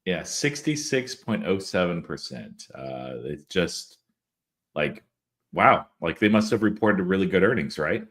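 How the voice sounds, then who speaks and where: A man co-hosting a casual stock-market livestream. His voice sits low, yet his pitch moves around freely. He comes across relaxed and dry, and he laughs easily. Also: unhurried. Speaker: co-host of a stock market stream.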